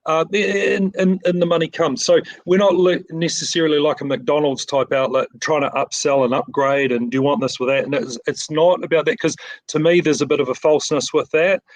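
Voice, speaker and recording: A man's voice: fairly high pitch, steady tone, a little fast, no echo, poor audio. A middle-aged man from New Zealand with a New Zealand accent, a picture framing shop owner talking keenly in a casual interview, full of restarts and repeated words.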